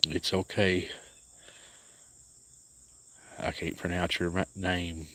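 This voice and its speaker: A man with an Appalachian accent, hosting a casual livestream outdoors and speaking softly to viewers by name. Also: low voice, flat delivery, a little slow. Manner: soft-spoken, grieving, talks to viewers by name. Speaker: cat sanctuary livestream host.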